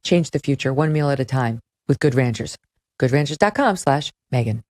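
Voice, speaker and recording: A woman with a low voice hosts a podcast, talking briskly and with emphasis. The sound is close and dry, like a studio mic with no room around it. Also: expressive, darkish tone, no echo. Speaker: podcast host. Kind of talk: podcast interview and host-read ad.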